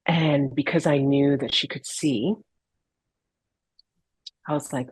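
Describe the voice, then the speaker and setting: Woman guest sharing her life story, earnest, searches for words, husky voice. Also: rumbling low, fairly even intonation, unhurried, pauses often, no room sound, poor audio. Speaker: podcast guest, holistic healer. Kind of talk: heartfelt personal story in a podcast interview.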